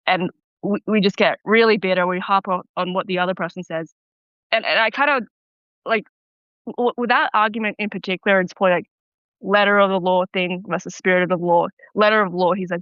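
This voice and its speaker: A young woman on a call-in show, talking haltingly with lots of restarts and stumbles. Her voice comes through a dull, muffled line. The sound is dry, with no room around it. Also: mid-range voice, steady tone, smooth, no room sound. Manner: halting, many restarts, nervous laughs. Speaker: caller. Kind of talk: call-in advice conversation. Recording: muffled phone-line caller audio.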